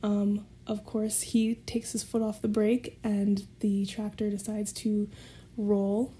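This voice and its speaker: A woman's voice: mid-range voice, monotone, slow, mellow. A woman guest telling a personal story in a casual way, often laughing as she talks. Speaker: podcast guest.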